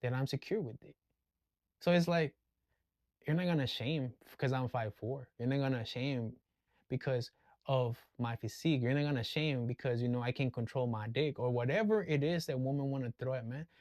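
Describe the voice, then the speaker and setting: A man's voice: mid-range voice, normal speed, a little mellow, dry recording. A man ranting casually in a vlog, blunt and full of profanity. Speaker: vlogger. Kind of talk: casual rant.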